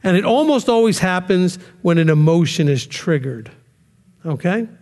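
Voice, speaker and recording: Guy with a pretty high voice teaching a ministry class, keeps saying okay?, hall echo behind him. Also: lively intonation, normal speed, darkish tone. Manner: conversational, keeps asking "okay?", acts out quoted voices. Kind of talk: sermon-style teaching.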